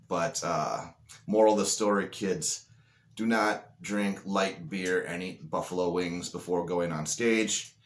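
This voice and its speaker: Low-voiced guy hosting a casual chat, self-deprecating, bit crude, echoey room. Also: a bit bright. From Moorhead, Minnesota, US. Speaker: podcast host.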